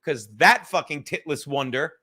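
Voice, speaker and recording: A man hosts his own podcast in a high, bright voice. He rants heatedly and swears through nearly every sentence. He breaks off now and then to answer his chat. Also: moderate pace. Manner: profane, heated, ranting. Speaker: podcast host. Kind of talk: profane ranting monologue reading chat comments.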